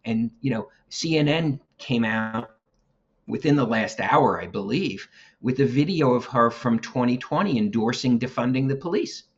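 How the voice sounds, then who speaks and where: A man talks through the news in a relaxed, chatty podcast style, punching key words and laughing now and then. His voice is a little husky, and the audio sounds slightly dull, as if from a low-fi mic. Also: moderate pace. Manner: conversational, emphatic, laughs often. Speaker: podcast co-host. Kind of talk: casual political commentary.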